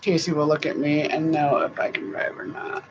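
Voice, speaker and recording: A middle-aged woman hosting a casual live-stream chat, rambling warmly, laughing often and now and then breaking into song. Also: low voice, normal speed. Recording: dull lo-fi sound with faint noise.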